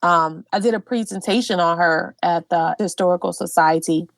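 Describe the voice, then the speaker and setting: A middle-aged woman, animated and heartfelt, telling personal family stories with many fillers. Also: on the low side, moderate pace, gravelly, no echo. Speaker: guest genealogist. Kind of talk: personal storytelling.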